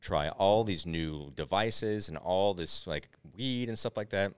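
A man's voice: low-pitched, measured pace, clean tone, no echo. A young man on a podcast rambling through casual anecdotes, acting out what everyone said. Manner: rambling anecdotes with acted-out quotes. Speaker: podcast co-host. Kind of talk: casual storytelling.

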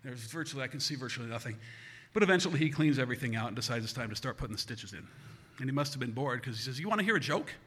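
A man from the United States telling a comic story live, animated and self-mocking. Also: mid-range voice, racing, breathy edge. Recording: hall reverb with faint hiss.

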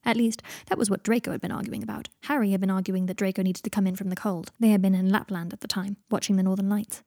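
A woman reading a fan fiction audiobook in a calm, even storytelling manner. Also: medium pitch, fast talker, dry recording, clean studio sound. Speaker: audiobook narrator.

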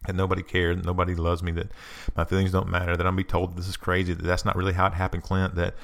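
A man's voice: deep voice, completely flat delivery, rapid-fire, gravelly, a bit bright. A middle-aged man giving an earnest, confessional self-help talk, telling personal stories and repeating phrases for emphasis.

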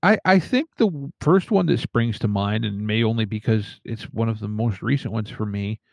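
A man co-hosting a casual chat about tabletop games, who talks thoughtfully and haltingly and chuckles between remarks. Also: fairly low pitch, vocal fry, darkish tone, no echo. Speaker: podcast co-host.

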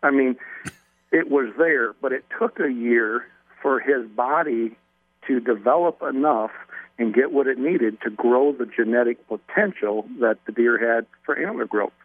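Male guest expert calling in, folksy and measured, phone-line sound. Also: mid-range voice, no echo. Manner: folksy, measured explanations with frequent ums. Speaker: radio show guest, deer expert. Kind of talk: casual radio interview.

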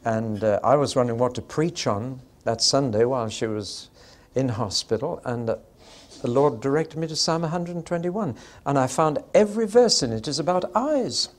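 A man's voice: medium pitch, lively intonation, normal speed. An older man, preaching a Bible teaching to his congregation in a conversational, explanatory way with bursts of dramatic emphasis.

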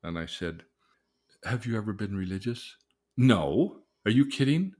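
A man, a therapist, telling a case story, acting out the voices of the people in it and moving between soft, low asides and loud, excited bursts. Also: unhurried. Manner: vivid storyteller, acts out the people in his stories.

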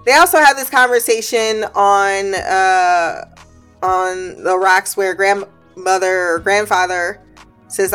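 A woman's voice: medium pitch, slow, a bit bright, clear, resonant tone, faint music behind. A woman giving a casual, laugh-filled recap of a show, swearing freely and throwing in slangy asides. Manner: acts out characters' lines while retelling.

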